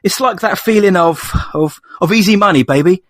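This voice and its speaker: A man's voice: high-pitched, normal speed, no echo, clean studio sound. A man hosting a podcast, giving a playful, hyped show introduction. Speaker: podcast host.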